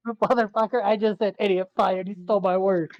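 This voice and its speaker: A man's voice: high voice, steady tone, fast, muffled recording. A man playing in an online tabletop game, chatting casually, swearing freely and rambling. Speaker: player.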